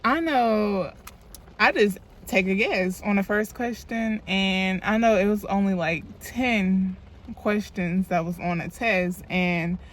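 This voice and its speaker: A young woman in her young adult years films a casual storytime vlog on her phone camera while doing her makeup. Her medium-pitched voice moves slowly, and her telling is loose, chatty, and profane.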